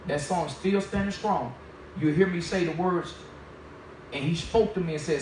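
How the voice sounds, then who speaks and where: A man preaches his testimony with a high, bright voice, telling the story with animation and slipping into the voices of the people in it. He stands away from the mic, and the room rings with heavy echo under a faint background hiss. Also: moderate pace. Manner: animated storytelling, acts out dialogue. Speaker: minister giving testimony. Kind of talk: testimony sermon. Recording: very echoey, distant from the mic.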